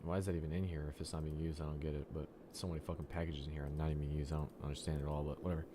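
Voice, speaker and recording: A man's voice: a bass voice, level tone, racing, noisy background. A young man, a programmer, ranting profanely and with exasperation at his computer during a solo recording. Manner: exasperated and profane, talks to the software. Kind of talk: frustrated solo screen-recording rant.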